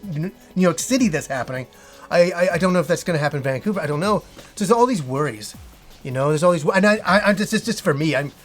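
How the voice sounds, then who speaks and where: A middle-aged man with a fairly high voice speaks casually to his viewers, short of breath and stumbling through restarts and fillers. Faint music plays behind him. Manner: halting, with frequent restarts and fillers. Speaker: gaming channel host. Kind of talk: casual personal talk to viewers.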